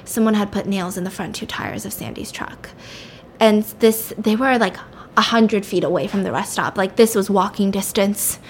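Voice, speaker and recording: A woman's voice: mid-range voice, moderate pace, a little hiss or hum. Chatty woman telling a story. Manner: chatty, filled with "like". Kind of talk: casual fiction storytelling.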